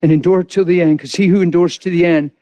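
Man, preaching, impassioned, very high-pitched, dry close recording. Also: fairly even intonation, fast, no room sound. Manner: impassioned, swings from loud to hushed. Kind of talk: sermon.

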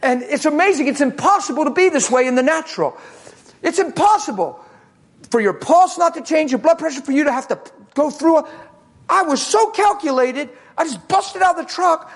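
A man preaching a sermon, telling a story with lively acted-out quotes and swings between loud and hushed. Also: very high-pitched, brisk.

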